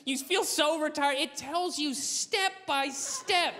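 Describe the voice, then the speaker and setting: A man doing a stand-up comedy set, rambling and swearing with animated energy on a comedy club stage. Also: very high-pitched, slow. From Canada. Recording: echoey club with audience laughter.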